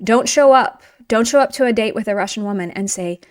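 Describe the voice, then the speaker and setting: A woman's voice: fairly high pitch, fairly quick, no echo, clean studio sound. A woman teaching a video language lesson in an upbeat, encouraging, chatty way while writing on a board.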